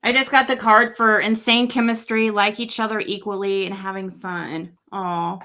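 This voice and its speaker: A woman's voice: mid-range voice, steady tone, moderate pace, pushed and bright. Chatty woman hosting a card reading. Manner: chatty, rambling, with fillers like "like" and "um". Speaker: host reading cards. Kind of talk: casual late-night livestream chat.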